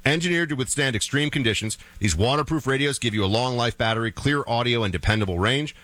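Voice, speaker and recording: A man hosting a talk radio show, moving from jokey banter into a brisk live ad read. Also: mid-range voice, a bit bright, dry recording.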